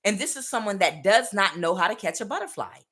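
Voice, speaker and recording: A woman's voice: medium pitch, animated, brisk, a bit bright, breathy edge. A woman giving a casual spiritual tarot reading, speaking emphatically and directly to the listener. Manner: emphatic, repetitive, direct address. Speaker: tarot reader.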